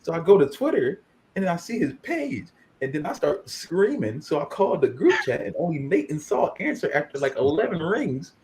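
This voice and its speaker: Animated slangy podcast co-host man. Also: on the high side, moderate pace, slight background noise. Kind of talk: casual chat.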